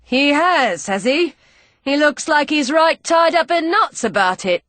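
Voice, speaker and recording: A woman's voice: high voice, expressive, unhurried, fairly bright tone, no room sound, pitched above the performer's own voice. A woman reading an audiobook, voicing a stern male naval officer who speaks curtly and grimly. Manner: curt, grim.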